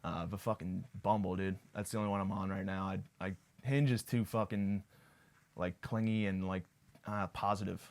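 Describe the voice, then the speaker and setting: A man's voice: low voice, steady tone, normal speed, a little mellow. A young man hosting a podcast, rambling through a profane, self-deprecating comedic monologue. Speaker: podcast host.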